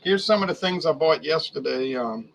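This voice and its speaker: Man, co-host, casual chat, slightly high pitch, chatty, item by item. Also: expressive, moderate pace, creaky, a bit bright, a little hiss or hum, rough recording. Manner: chatty, lists items and prices off one by one.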